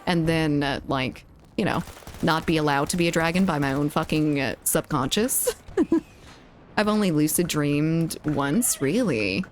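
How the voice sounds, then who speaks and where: A woman's voice: low voice, animated, unhurried, slight background noise. A woman streaming a game, chatting casually and giggling as she reads chat aloud.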